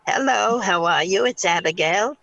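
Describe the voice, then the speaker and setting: Brief: man putting on a high, crackly 87-year-old prank-call granny, sweetly demanding. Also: normal speed, creaky, pushed and bright, no echo, highs cut off, heavily acted. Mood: sweetly crude. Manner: sweetly insistent, repeating "dear", crude. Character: pushy 87-year-old woman who calls everyone dear. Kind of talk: prank call role-play.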